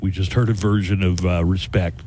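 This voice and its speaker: A man with a fairly low voice hosts a radio show, chatting loosely and joking between songs. He wanders into rambling asides. There is faint ambience behind him in the studio. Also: steady tone, moderate pace, warm tone, slight background noise. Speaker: radio host. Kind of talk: casual on-air chat. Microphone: studio microphone.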